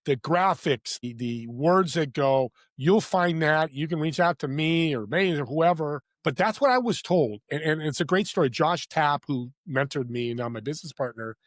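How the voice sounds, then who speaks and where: An enthusiastic man telling stories as a podcast guest. His voice sits a bit high and the sound is dry and close. He talks with emphatic energy and lots of asides. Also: no echo. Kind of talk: casual interview chat.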